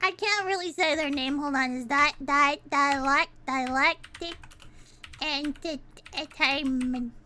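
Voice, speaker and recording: A young woman streamer chatting casually, excitable and swearing, ranting and laughing a lot. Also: high voice, takes it slowly, noisy background.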